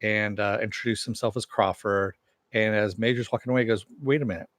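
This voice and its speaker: A man with a somewhat low voice talks through a TV episode in a loose, chatty recap. He leans on filler phrases and drops the odd curse word. His voice is recorded dry and close. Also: little pitch movement, fairly quick, a bit bright, no echo. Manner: loose and conversational, with frequent "you know" and casual swearing. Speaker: TV episode reviewer. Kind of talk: casual spoken recap and review.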